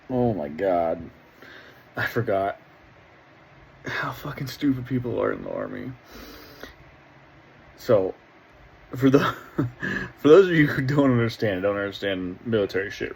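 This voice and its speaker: A man's voice: medium pitch, lively intonation, unhurried, creaky, pauses often, darkish tone, slightly rough, poor audio. A middle-aged man hosting a casual reaction video, talking in a profane, rambling way and laughing often.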